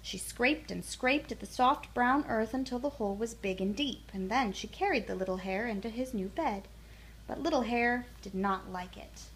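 A woman reads a children's picture book aloud in a gentle, soothing bedtime manner. Her voice sits fairly high, with a faint bit of noise behind it. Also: normal speed, rough recording. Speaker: storyteller.

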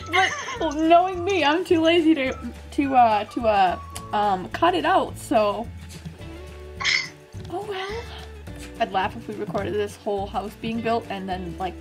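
A woman playing a video game and chatting casually, giggly, playful and self-mocking as she builds and talks to a friend. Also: fairly high pitch. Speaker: gaming YouTuber and server moderator.

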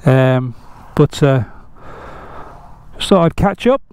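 A man's voice: medium pitch, lively intonation, takes it slowly, a little mellow, clear, resonant tone. An older man, chatting casually outdoors beside his motorbike in a rambling, self-deprecating way. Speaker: motorcycle vlogger. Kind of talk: casual vlog chat.

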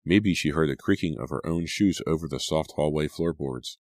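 A man narrating a horror audiobook in a measured, suspenseful reading. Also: extremely low pitch, a little mellow, dry recording.

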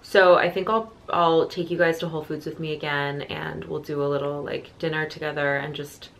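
A woman's voice: sits low, steady tone, moderate pace, fairly bright tone. A young woman chatting casually to her camera at home for a lifestyle vlog, filler-heavy and self-deprecating. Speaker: lifestyle vlogger. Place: home, kitchen and indoors.

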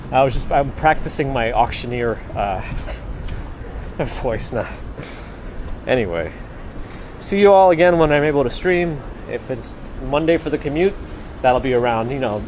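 A man with a New York accent hosting a walking livestream, chatting casually in a rambling way and thanking viewers as he walks outdoors. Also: mid-range voice. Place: outdoors on rainy city streets. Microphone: handheld camera rig. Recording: outdoor street noise. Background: street traffic.

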